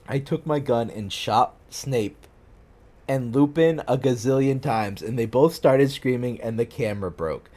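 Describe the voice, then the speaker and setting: A man streams himself reading fan fiction aloud, pausing to mock it in disbelief and bursting into laughter. His mid-range voice is mellow and measured, with frequent pauses.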